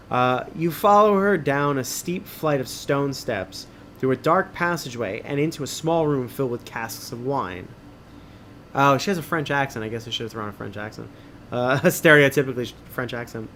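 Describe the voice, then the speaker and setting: Reading an adventure book aloud on a stream, a middle-aged man breaks in with joking, self-deprecating remarks. He has a mid-range, slightly bright voice, and there's slight background noise.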